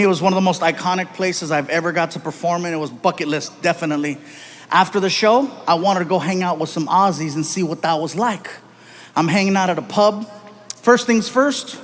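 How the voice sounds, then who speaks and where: Male stand-up storyteller, high voice, animated, live on stage. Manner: animated, puts on voices for people in his stories. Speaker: stand-up comedian.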